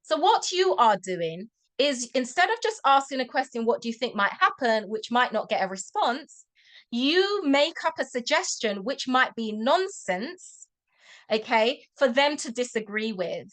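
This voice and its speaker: A woman tutor talks parents through tips in a chatty, practical way, with a slightly raised pitch. She keeps checking in with "all right" and slips into little acted lines of what a parent could say at home. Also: very animated, a little slow. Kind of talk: advice talk to parents.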